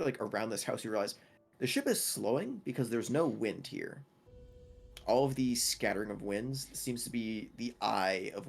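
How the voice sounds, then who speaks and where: A man's voice: fairly low pitch, gravelly. A young man narrating as game master for a tabletop game, casual and laughing often, with many fillers.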